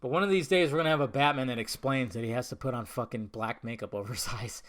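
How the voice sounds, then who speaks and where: A man hosting a podcast, answering viewer questions in a casual live chat with profane, animated rants. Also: medium pitch, fast talker, hardly any pauses. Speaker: podcast host.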